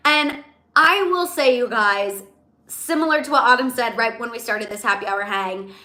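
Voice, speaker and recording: A young woman hosting a live celebrity gossip stream, chatty and animated, often repeating herself. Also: fairly high pitch, normal speed. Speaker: livestream host. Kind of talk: excited celebrity gossip livestream.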